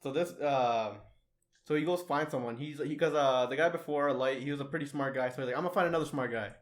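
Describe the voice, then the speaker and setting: A young man on a casual podcast retells a story in a loose, rambling way. He stumbles through fillers and restarts and slips into quoted lines for the characters. His voice sits at an ordinary middle pitch. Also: fast talker. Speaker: podcast co-host. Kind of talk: casual chat, retelling an anime plot.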